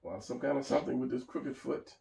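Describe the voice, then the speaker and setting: A man's voice: medium pitch, brisk, gravelly, mellow, reverberant, recorded from a distance, rough recording. A man thinking aloud as he talks through his drawing, casual and rambling. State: tired, hiccuping and yawning. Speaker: artist narrating a drawing session.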